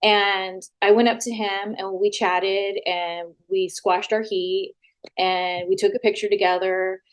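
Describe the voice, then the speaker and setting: Sitting in a house, a former wrestler speaks frankly as a guest in a casual storytelling interview. Her voice is mid-range and her pace measured, and she's animated, filling her tales with quoted back-and-forth.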